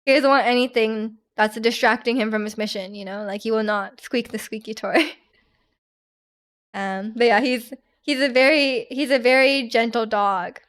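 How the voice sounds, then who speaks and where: A woman's voice: a little high, fairly even intonation, normal speed, fairly bright tone, smooth. A young woman streaming live, chatting casually with viewers, giggling and restarting her sentences often. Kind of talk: casual chat reading viewer comments.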